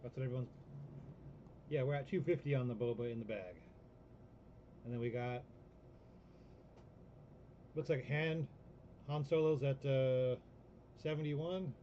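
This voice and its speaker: A man's voice: medium pitch, steady tone, measured pace, pauses often, dull audio, slight background noise. A man co-hosting a live auction stream, easygoing, greeting viewers and reading out bids. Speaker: auction co-host.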